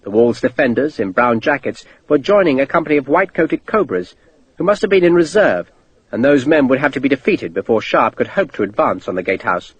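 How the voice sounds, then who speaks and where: A male audiobook narrator telling the story in a steady, vivid way. His voice is slightly husky, with lively shifts in pitch, and the recording sounds dry and close. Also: brisk, no echo, poor audio. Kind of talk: scripted narration.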